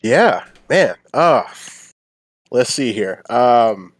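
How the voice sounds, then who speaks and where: A man's voice: mid-range voice, big pitch swings, very slow, breathy edge, no room sound. Upbeat talkative man as podcast guest. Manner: upbeat and talkative, with many fillers. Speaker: featured guest streamer. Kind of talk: casual podcast interview.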